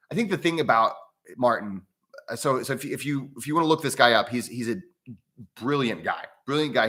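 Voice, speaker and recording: A man's voice: mid-range voice, bright, forceful tone. An American man hosting a casual livestream about breathwork, rambling with many restarts and chatting with viewers. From United States. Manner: reads out viewer comments and chats with them. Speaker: breathwork channel host.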